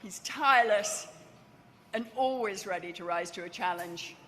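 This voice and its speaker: A woman delivers a rally speech with slow, emphatic phrasing and a bright, forceful voice. Her voice rings through a large hall with a long reverb tail. A faint hum of noise sits underneath. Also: mid-range voice. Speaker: speaker introducing her husband. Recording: big hall with crowd noise.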